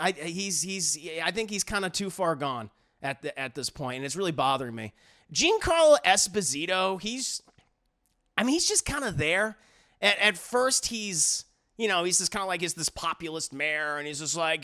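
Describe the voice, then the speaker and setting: A man's voice: fairly high pitch, expressive, moderate pace, pushed and bright. A man giving a blunt, sarcastic film review in a casual livestream chat.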